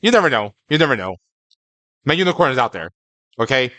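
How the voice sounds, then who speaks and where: A man's voice: medium pitch, sing-song, fast, sharp tone, no echo. A young man streaming live, chatting casually with his viewers in a rambling, stammering way, often tagging his lines with "okay?".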